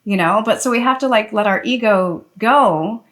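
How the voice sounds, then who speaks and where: A woman's voice: mid-range voice, normal speed, fairly bright tone. Chatty woman podcast co-host. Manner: chatty, loose, many "like" and "you know" fillers. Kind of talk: casual podcast discussion.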